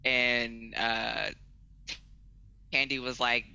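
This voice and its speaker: A man in a casual podcast chat talks hesitantly, with lots of fillers and casual swearing. His voice is gravelly and very sharp and bright. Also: mid-range voice, little pitch movement, drawn-out words, highs cut off. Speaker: podcast co-host.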